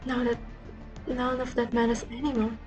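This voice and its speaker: A woman's voice: on the high side, monotone, moderate pace, dull audio, music in the background, close to an everyday voice. A woman reading a muttering fake-ghost girl. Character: desperate young woman posing as a ghost. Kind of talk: reading game dialogue aloud.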